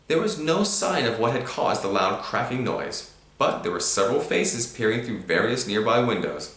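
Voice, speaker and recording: A man reading a storybook aloud to a child, with animated emphasis. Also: mid-range voice, moderate pace. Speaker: reader to a child. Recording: roomy echo.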